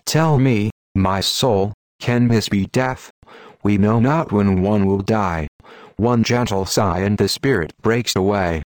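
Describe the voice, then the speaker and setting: A man's voice: lowish voice, dry recording. A man delivering an old-fashioned sermon in a solemn, declamatory way. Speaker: preacher. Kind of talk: Victorian sermon reading.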